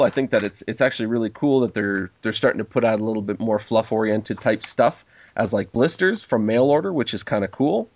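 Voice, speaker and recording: Animated man, casual and swearing. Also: mid-range voice, dry recording. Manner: animated and swearing, quotes people in mock voices. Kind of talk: casual chat. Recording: dull lo-fi recording.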